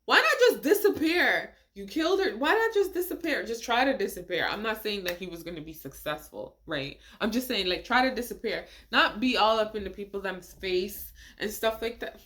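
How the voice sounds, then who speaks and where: Animated, lively-pitched woman reacting. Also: normal speed, hardly any pauses. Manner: animated, incredulous, laughs often, rhetorical questions. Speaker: reaction video host. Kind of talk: casual reaction commentary.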